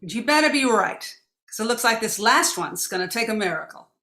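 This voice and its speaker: A woman reading a wisecracking henchman in a comedic staged reading, quick and sardonic. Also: on the high side, lively intonation, sharp tone, echoey room.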